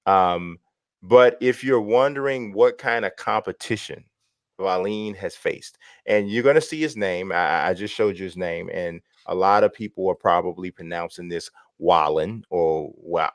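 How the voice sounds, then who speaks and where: A man with a low voice talks boxing in a loose, rambling way, cutting himself off and starting again. He laughs easily. The sound is close and dry, with almost no room around it. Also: no echo. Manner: rambling, laughs a lot, self-interrupting. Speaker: boxing podcast co-host. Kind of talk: casual sports chat.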